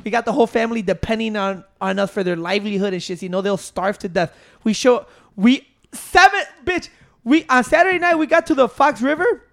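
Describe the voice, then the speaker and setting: Guy on a podcast, really high voice with a gravelly rasp, swearing and ranting about fishing trips. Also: a little fast. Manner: animated storytelling, heavy swearing, code-switching. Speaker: podcast co-host. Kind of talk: casual banter.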